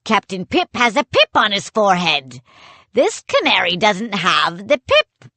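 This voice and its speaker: A woman voicing a gruff, scheming pirate captain with a hook, in a growling pirate drawl for an audiobook. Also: mid-range voice, huge pitch swings, measured pace, sharp tone, dry recording, heavily acted. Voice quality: growling, gravelly. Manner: pirate dialect, drawling and mocking. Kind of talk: audiobook character voice.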